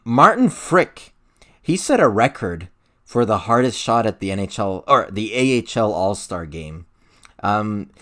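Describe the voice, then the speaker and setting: A young man hosting a hockey podcast in casual chat, laid-back and hesitant with many fillers. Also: on the low side. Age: young adult. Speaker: podcast host.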